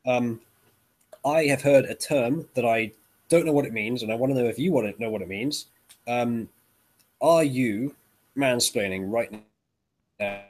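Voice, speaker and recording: A man in a casual online debate who asks questions in a measured way, often hesitating, over a voice call. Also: medium pitch, a little mellow, low-quality recording. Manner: measured, hesitant with ums and uhs. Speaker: guest debater, interviewer.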